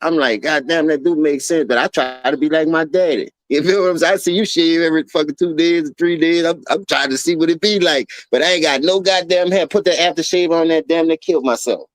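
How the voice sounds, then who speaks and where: His voice is on the high side, brisk, with hardly any pauses, as this adult basketball talk host, who calls himself an OG, leads a casual sports debate stream. He tells loose stories full of profanity and slang, often repeating "you feel me." There's no room sound.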